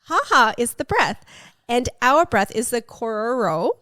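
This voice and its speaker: A woman's voice: a little high, very animated, a little slow, pushed and bright, dry recording. A woman co-hosting a casual podcast, chatting and tasting wine with a friend, giggly and playfully teasing. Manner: giggly, playful teasing, trails off mid-sentence. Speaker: podcast co-host.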